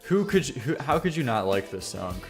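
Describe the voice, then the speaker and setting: Male streamer host, mid-pitched, loose slangy chatter with cursing, soft music underneath. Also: big pitch swings, brisk. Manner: rambling, slangy, swears freely. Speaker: livestream host reviewing music. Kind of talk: casual livestream commentary.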